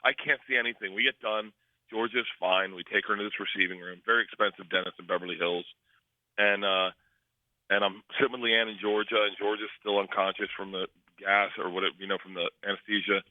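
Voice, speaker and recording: A comedian guest telling quick, animated stories and acting out the people in them, laughing as he goes. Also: lowish voice, no echo. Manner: fast storyteller, acts out voices, laughs often. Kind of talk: animated storytelling. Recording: tinny phone line.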